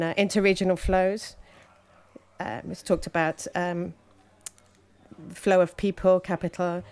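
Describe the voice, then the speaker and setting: A woman interpreting speeches live at a conference, halting often with fillers between phrases. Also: fairly low pitch, a little mellow, clean tone.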